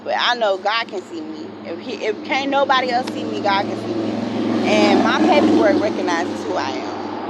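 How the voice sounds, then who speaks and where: A woman's voice: medium pitch, noisy background. A woman in her forties venting to camera in an unscripted storytime rant, blunt and profane, repeating herself often. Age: 40s. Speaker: vlogger.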